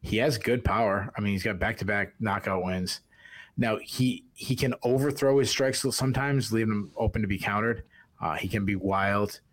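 A man's voice: fairly low pitch, moderate pace. Rambling Boston man breaking down fights. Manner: rambling, many restarts and fillers. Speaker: podcast co-host. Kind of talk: casual fight analysis chat.

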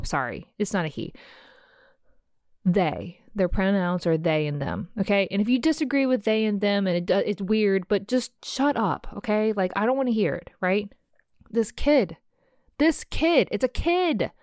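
Fired-up woman podcaster, smooth and dry. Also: medium pitch, no echo. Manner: animated, emphatic, swears, addresses listener as sis. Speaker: podcast host. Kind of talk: casual solo podcast rant.

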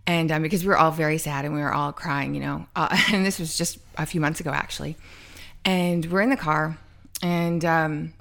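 A woman's voice: deep voice, steady tone, a little fast, gravelly, a bit bright. A middle-aged woman co-hosting a podcast, telling a personal story in casual chat, with many ums and restarts. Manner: chatty, many ums and restarts, quotes herself. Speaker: podcast co-host.

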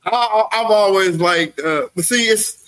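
A man's voice: sits high, a little slow, fairly bright tone, clear, resonant tone, rough recording. A man co-hosting a comedy podcast, rambling and laughing through profane banter. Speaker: podcast co-host.

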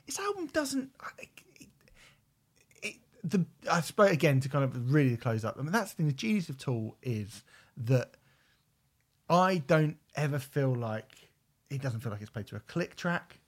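A man's voice: medium pitch, big pitch swings, normal speed, husky. Man, podcast co-host, casual music chat, rambling, trailing off, swearing now and then.

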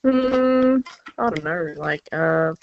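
A woman's voice: fairly low pitch, expressive, slow pace. A woman calling in to a radio show, answering hesitantly with vague fillers. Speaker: radio caller. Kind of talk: casual call-in chat. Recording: dull, dry phone-line sound.

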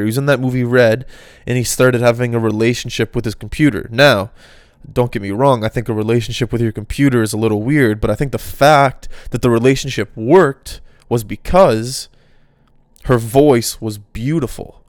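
A man's voice: mid-range voice, normal speed, no room sound, studio quality. Male podcast host, casual solo monologue, loose and rambling, mid-range voice, clean. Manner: rambling, off-the-cuff musing.

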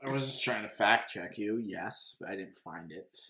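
A man's voice: fairly low pitch, moderate pace, sharp tone. A man co-hosting a casual sports talk show, arguing his points and hedging with filler words. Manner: argumentative, hedging with "like". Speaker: podcast co-host.

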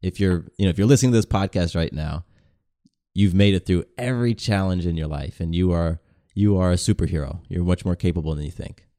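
A man hosts a podcast with a very low, dark voice, affirming his guest often. His delivery is relaxed and encouraging. The sound is dry. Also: a little fast, no room sound. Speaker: podcast host. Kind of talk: casual interview chat.

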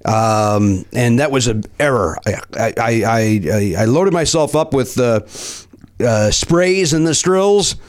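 A man's voice: medium pitch, slow. A middle-aged man hosting a casual comedy podcast, rambling and self-mocking as he chats. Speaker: podcast host.

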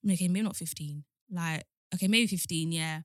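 A young woman co-hosting a casual podcast chat, animated and quick to laugh while acting out quotes. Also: on the low side, no room sound, studio quality. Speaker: podcast co-host.

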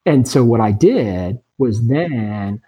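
A man in his thirties, a podcast guest in recovery, telling a story in a casual, animated and emphatic way. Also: mid-range voice, takes it slowly, breathy edge.

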